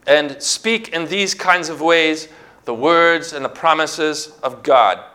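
Male pastor, sermon delivery, bright and forceful, emphatic with near-shouted peaks. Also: on the high side, takes it slowly.

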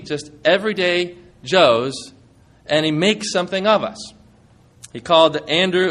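A man's voice: high-pitched, a bit bright. A man preaching a sermon in a conversational, folksy manner, using plain everyday talk.

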